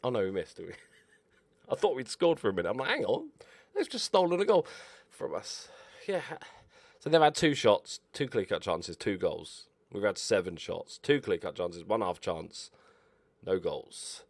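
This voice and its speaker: A man commentating over his own football management game, excitable and swearing at his players. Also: low voice, moderate pace, dry recording. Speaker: gaming YouTuber. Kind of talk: Let's Play commentary.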